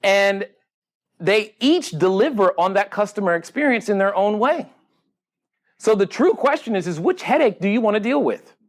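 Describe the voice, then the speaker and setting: A man's voice: high voice, moderate pace. A man hosting a live seminar, telling stories and asking the audience questions, acting out the dialogue as he goes. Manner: animated storyteller, quizzes the audience, acts out dialogue. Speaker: podcast host speaking at a live seminar. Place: event room with a live audience.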